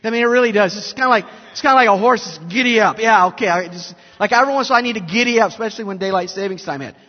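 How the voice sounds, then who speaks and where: A man in his fifties preaching an emphatic sermon as a pastor, swinging between loud and soft. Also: high-pitched, very fast, in a large hall, muffled recording. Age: 50s. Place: large church hall.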